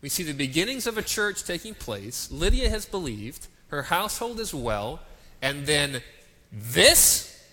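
A man's voice: a little high, big pitch swings, moderate pace, sharp tone. A man preaching a sermon, dramatic and full of rhetorical questions to the congregation. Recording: long reverb of a large hall.

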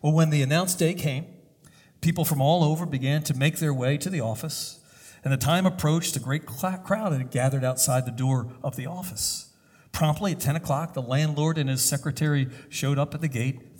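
A man tells a sermon story in a deliberate, halting way, pausing often. His voice is slightly high and husky. It rings with the long reverb of a large hall. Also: darkish tone. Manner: deliberate, with pauses and hesitations.

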